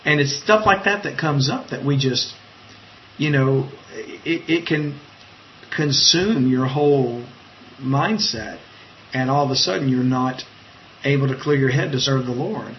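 A man preaching informally to an online group, reading viewers' comments and talking in a halting, conversational way. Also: mid-range voice, lo-fi sound, slight background noise. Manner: conversational, halting, with many fillers and restarts. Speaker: preacher leading an online Bible study. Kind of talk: informal live-streamed Bible teaching.

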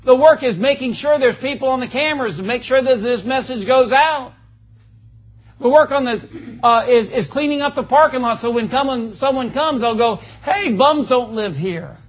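A man's voice: very high voice, moderate pace, lo-fi sound. A man preaching a sermon, folksy and joking, asking the congregation for amens. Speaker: pastor. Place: church.

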